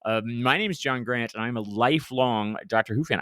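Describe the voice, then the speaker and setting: A man's voice: mid-range voice, brisk, a bit bright, no room sound, clean studio sound. A man co-hosting a podcast in casual chat, joking and rambling with lots of fillers. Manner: jokey, rambling with many fillers. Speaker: podcast co-host.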